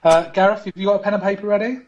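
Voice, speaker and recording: A man with a fairly high voice, playfully hosting a mock quiz on a podcast. He teases his co-hosts in a mock commentator's patter. The recording sounds dull and lo-fi. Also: fairly even intonation, rapid-fire, darkish tone. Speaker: podcast host. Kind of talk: mock game-show hosting.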